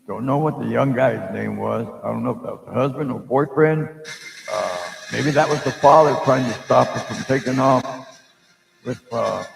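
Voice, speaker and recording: Middle-aged male psychic host, rough gravelly voice, meandering spoken story, booming echoey room. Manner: meandering, loses his thread, many fillers. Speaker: psychic storyteller hosting a live stream. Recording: echoey room with long reverb.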